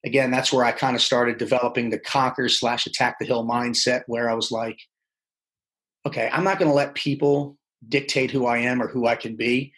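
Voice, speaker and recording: A man telling his life story as a podcast guest, animated, acting out the people he quotes. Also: mid-range voice, brisk, rough recording. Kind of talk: casual storytelling interview.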